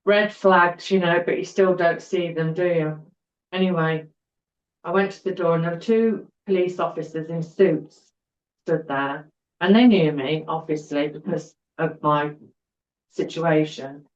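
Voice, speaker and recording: A woman's voice: low-pitched, steady tone, unhurried. Woman, earnest, in a roomy room. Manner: earnest, repeats words for emphasis. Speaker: podcast guest. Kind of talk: personal storytelling interview. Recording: roomy, dull-sounding recording.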